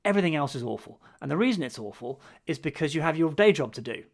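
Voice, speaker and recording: A man's voice: a little high, big pitch swings, fast, vocal fry. A man co-hosting a podcast in casual chat, with wry, grumbling humor and frequent restarts. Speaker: podcast co-host.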